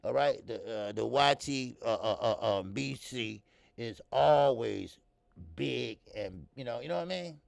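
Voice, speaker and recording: A middle-aged man from the American Midwest runs a casual live boxing talk stream, loose and profane, chatting straight to his viewers. His voice is heavily gravelly and sits a bit high, with a lot of rise and fall in pitch. The sound is dry and close. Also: lively intonation, measured pace, no room sound. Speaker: boxing talk show host. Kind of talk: casual live-stream chat reading comments.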